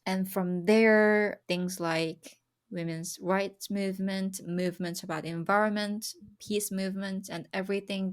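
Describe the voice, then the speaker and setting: A young woman from South Korea, speaking earnestly and with emotion as a podcast guest about her country's history. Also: fairly low pitch. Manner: earnest, emotional, repetitive emphasis. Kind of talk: personal conversation about history.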